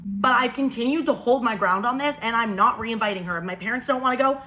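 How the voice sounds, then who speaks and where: Bright, exasperated young woman storyteller. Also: a little high, fast. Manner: animated, exasperated, incredulous. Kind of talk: storytime vlog narration.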